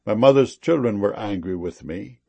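A man reading old-style Bible verses in a measured, solemn delivery. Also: on the low side, animated, gravelly, warm tone, breathy edge, lo-fi sound. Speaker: scripture reader.

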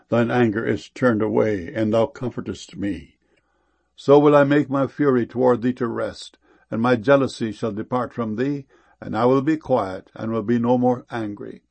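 A man reading old-style Bible verses in a measured, solemn delivery. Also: medium pitch, gravelly, a little mellow, slightly rough. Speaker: scripture reader.

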